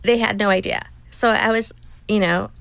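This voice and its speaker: A woman's voice: medium pitch, fairly even intonation, moderate pace, creaky, fairly bright tone, smooth, no echo. A middle-aged woman, a guest, telling a personal story in an earnest, emotional way and acting out what she told herself. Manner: emotional, earnest storytelling with acted self-talk. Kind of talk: personal story in a casual interview.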